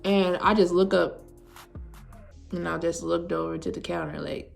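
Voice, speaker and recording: Her pitch sits fairly low and her tone stays steady and gravelly as she talks at a normal speed over faint background music. The speaker is a woman in her 20s, vlogging indoors at home and sharing a personal story in a casual, heartfelt, rambling style full of "like".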